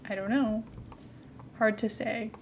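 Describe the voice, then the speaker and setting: A young adult woman streaming a game from home, chatting in a rambling, casual way and cooing softly at her cat now and then. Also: fairly high pitch, steady tone, slow pace, slight background noise. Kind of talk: casual live-stream chat while gaming.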